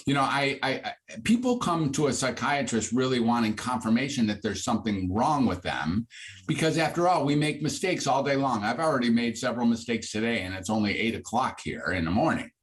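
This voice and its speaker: An older man, a psychiatrist, talks openly in a conversational interview. His voice sits at a middling pitch and leaps upward in lively bursts when he drives a point home. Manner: animated, builds to high bursts when making a point. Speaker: psychiatrist guest.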